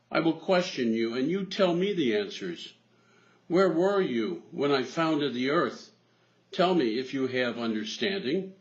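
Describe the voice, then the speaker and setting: A man voicing a stern divine challenger. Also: natural voice. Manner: booming rhetorical challenges. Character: stern all-powerful male divine voice questioning. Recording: dull lo-fi recording.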